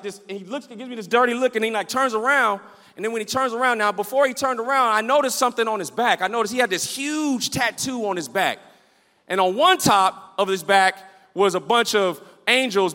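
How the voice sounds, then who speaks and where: A male pastor preaching a sermon in an animated, repetitive style, calling out to the room and acting out his stories. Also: sits high. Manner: storytelling, acts out the scenes he describes. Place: church sanctuary with a livestream. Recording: echoey church hall.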